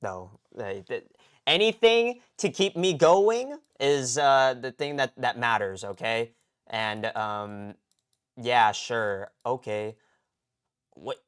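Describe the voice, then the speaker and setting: This young man from the United States talks slowly with lively intonation at a medium pitch, his tone a bit bright and smooth. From his garage on a live stream, he rambles casually, frequently restarting and repeating "okay?"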